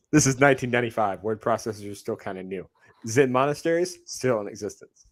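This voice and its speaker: A man's voice: mid-range voice, normal speed. A man hosting a casual film watch-along, joking wryly and laughing often. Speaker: host.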